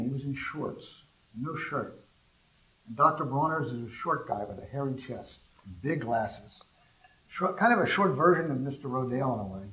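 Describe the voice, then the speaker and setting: An older man from California giving a talk, telling rambling, animated anecdotes and asking the audience questions. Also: medium pitch, rough recording. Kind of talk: storytelling talk to a small audience.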